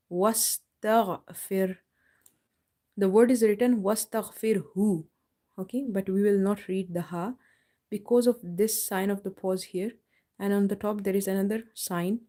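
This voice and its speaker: Woman, recitation teacher on a live class; mellow, warm tone, patient explainer who stretches words slowly to demonstrate. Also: medium pitch. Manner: explains patiently, then slowly drawls out words to model pronunciation. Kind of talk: live online tajweed lesson. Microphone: live stream mic.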